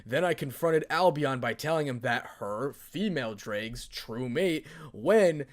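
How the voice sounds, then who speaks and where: A loyal dragon spirit in male form, speaking with stiff, formal courtesy and bowing to "milady" in every reply, as a man puts it on while reading a fan story aloud. The voice sits at an ordinary middle pitch for a man. It is close to the reader's own voice. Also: animated, a little slow, natural voice. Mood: confessional. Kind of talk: fan fiction read-aloud.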